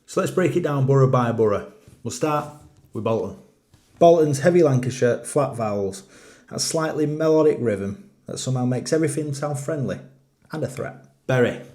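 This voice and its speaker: A man presents a scripted explainer monologue. His pitch sits in the middle, and his delivery is wry and jokey, slipping into quiet, dry asides.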